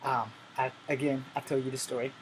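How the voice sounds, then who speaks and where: A man's voice: mid-range voice, little pitch movement, brisk, a little hiss or hum, low-quality recording. Forties male vlogger, blunt and profane, rambling rant, air conditioner humming behind. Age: 40s. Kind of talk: ranting monologue to camera.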